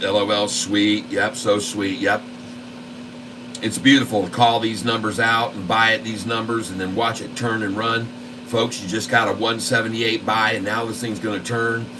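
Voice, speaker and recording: A man hosting a trading channel, commentating live on his trades in a folksy, excitable way and constantly talking to his viewers. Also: lowish voice, noisy background. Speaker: stock trading channel host.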